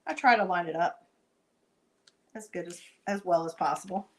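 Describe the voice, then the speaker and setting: A woman giving a chatty live-stream craft tutorial, talking viewers through each step while she works and breaking off for quick asides. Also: fairly low pitch, low-quality recording. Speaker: craft demonstrator.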